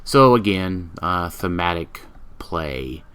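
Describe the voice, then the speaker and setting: A man co-hosting a podcast, reviewing game pieces in casual chat, halting and full of ums, a bit tired. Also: low voice, animated, a bit bright, slight background noise. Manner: halting, many ums, reads card stats aloud. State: yawning, tired. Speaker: podcast co-host.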